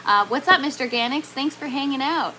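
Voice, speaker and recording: A chatty woman in her thirties talks straight to her viewers, in a bright, fairly high voice. She works in a home grow tent and keeps up easy, casual live-stream chatter with her audience. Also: a little fast, slight background noise, poor audio. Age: 30s. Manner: chatty, talks to viewers and reads their comments aloud. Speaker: gardening livestream host.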